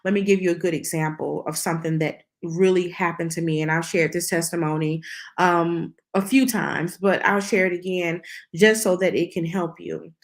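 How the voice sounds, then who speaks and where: A middle-aged woman from the southern United States shares a personal testimony with the earnest pull of a storyteller. Her voice sits a little low for a woman, and she slips into the voices of the people she quotes. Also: fairly even intonation, normal speed. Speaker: host.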